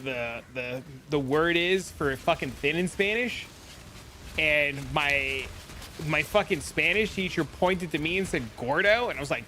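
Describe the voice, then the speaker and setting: A man's voice: a little high, bright, forceful tone, a little hiss or hum. A man streaming, telling rambling, profane stories in casual chat. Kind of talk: casual storytelling.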